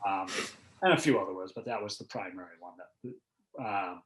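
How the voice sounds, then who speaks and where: Older man, measured and thoughtful. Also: low-pitched, fairly bright tone, echoey room, slight background noise. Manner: measured, thoughtful storytelling with hesitations. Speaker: host. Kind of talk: casual conversation.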